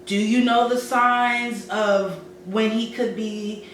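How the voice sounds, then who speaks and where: A very slow-paced co-host who listens closely, keeps affirming the other speaker, and asks careful questions. The voice sits well back from the mic in a very echoey room, with a faint hiss. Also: medium pitch, steady tone, fairly bright tone, recorded from a distance. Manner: attentive, frequent affirmations. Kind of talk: casual discussion.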